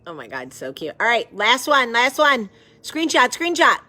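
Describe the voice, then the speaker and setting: Bright-voiced chatty woman. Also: a little high, big pitch swings, moderate pace. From American South. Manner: warm, effusive and chatty. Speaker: host. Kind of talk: casual live video chat with viewers.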